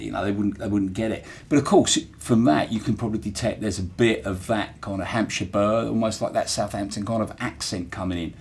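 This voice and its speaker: A man's voice: on the low side, fairly quick, gravelly, breathy edge. A middle-aged man with a Portsmouth accent, talking earnestly and reflectively in an interview, with frequent fillers and restarts. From Portsmouth, England. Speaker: interviewee, former dockyard worker. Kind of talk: casual interview talk.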